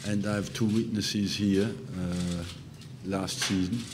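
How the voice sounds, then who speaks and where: An older man, a football manager, answering press questions slowly and hesitantly, with many fillers. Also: low-pitched, fairly even intonation, noisy background.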